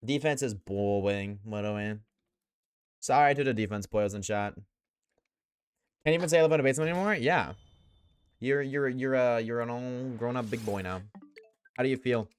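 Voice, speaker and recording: A man's voice: medium pitch, clear, resonant tone, dry recording, studio quality. Slangy, joking young streamer guy. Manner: slangy, joking, talks in quick bursts. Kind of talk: casual chat to a live stream audience.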